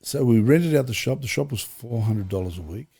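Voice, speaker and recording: A man's voice: mid-range voice, expressive, brisk, creaky, warm tone, slightly rough. A middle-aged man, telling long rambling anecdotes as an interview guest, restarting sentences and acting out quoted dialogue. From Australia. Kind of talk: casual storytelling interview.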